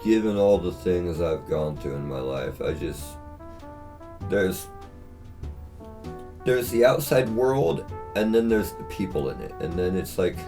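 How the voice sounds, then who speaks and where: A low-voiced man speaks very slowly, with his pitch rising and falling widely, in a laid-back podcast chat. He sounds set back from the mic, with faint guitar music behind him. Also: expressive, mellow, distant mic.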